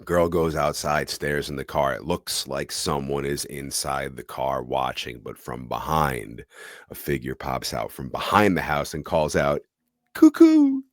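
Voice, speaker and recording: Very deep-voiced man recapping a film. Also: steady tone, unhurried, fairly bright tone, no echo, clean studio sound. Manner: narrates plot in a blow-by-blow way. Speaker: podcast co-host.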